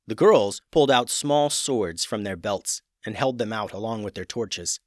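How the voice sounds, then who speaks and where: A man narrating a children's fantasy story with expressive, dramatic storytelling. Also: lowish voice, normal speed, no echo, studio quality.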